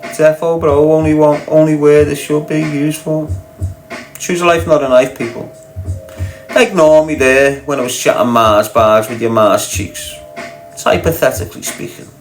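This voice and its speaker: A man's voice: on the high side, steady tone, unhurried, soft background music, poor audio. Blunt, sweary Scouse man ranting. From Liverpool, England. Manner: confrontational, mocking, blunt and sweary. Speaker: podcast guest. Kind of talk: ranting monologue.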